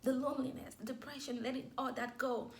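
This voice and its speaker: A young woman with a high voice tells her own faith story. She speaks openly and with feeling, and short laughs slip in between the words. It sounds like a personal, heartfelt testimony. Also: fairly even intonation, brisk. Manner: candid and emotional, with light laughs.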